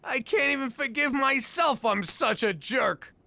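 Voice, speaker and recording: A man's voice: very high voice, expressive, measured pace, gravelly, sharp tone, dry recording, exaggerated voice. An actor voicing a hapless young male mobster in an adult cartoon, whiny and self-pitying. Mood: apologetic. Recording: cartoon dialogue over music.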